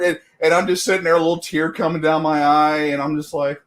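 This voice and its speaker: A man's voice: fairly high pitch, little pitch movement, fast, few pauses. Rambling, laughing middle-aged man. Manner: rambling, self-mocking, laughs often. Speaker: guest. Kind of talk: casual chat.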